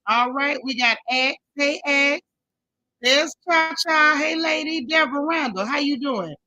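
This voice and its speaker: A woman's voice: high-pitched, unhurried, bright, forceful tone, poor audio. A woman hosting a casual live stream, chatting with viewers and greeting each one by name in folksy slang.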